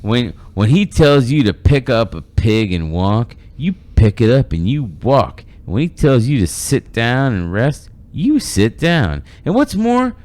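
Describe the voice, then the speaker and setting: A man voicing a blunt, bossy work foreman with a Southern US accent, drawling slow commands. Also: mid-range voice, very animated, a little mellow, pitched above the performer's own voice.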